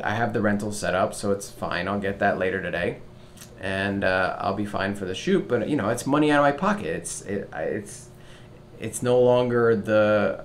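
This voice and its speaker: Young man, vlogger, casual rant, heavy swearing, animated, mid-pitched voice, faint background hiss. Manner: animated, swears a lot, swings from loud outbursts to low mutters.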